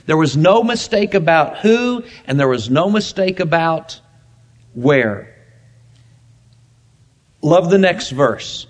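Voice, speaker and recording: A pastor preaching a sermon, emphatic and repetitive, slowing down to stress key words. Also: male voice, a little high, animated.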